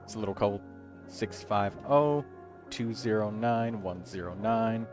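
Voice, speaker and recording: A man's voice: lowish voice, measured pace, a little mellow, soft background music. A man hosting a game livestream, reviewing viewers' characters in casual, chatty commentary and thinking aloud as he counts numbers.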